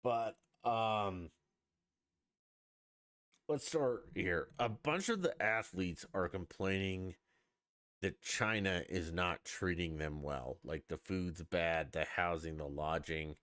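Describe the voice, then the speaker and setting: A man's voice: low voice, takes it slowly, fairly bright tone, dry recording, clean studio sound. A man hosting a live-streamed podcast, ranting in a profane, sarcastic and exasperated way. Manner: scoffing, exasperated. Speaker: podcast host.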